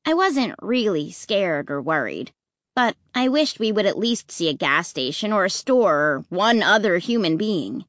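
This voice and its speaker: Slow, expressive woman reading a story. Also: mid-range voice, no room sound, clean studio sound. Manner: expressive, measured. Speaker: narrator. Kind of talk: storybook narration.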